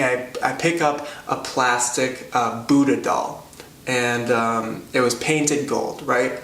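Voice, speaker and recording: A man's voice: medium pitch, steady tone, takes it slowly, a bit bright. A man telling a stand-up story in a rambling, self-deprecating way, full of fillers, recorded from a distance in a roomy space. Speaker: comedian, storyteller. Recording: roomy, distant mic, faint hum.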